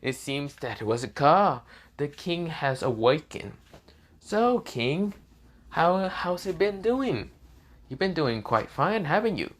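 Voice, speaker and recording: A man's voice: medium pitch, expressive, normal speed, close to an everyday voice. A man voicing a mocking male inner hollow spirit that laughs at the hero's misery in a storytelling retelling. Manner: taunting, jeering.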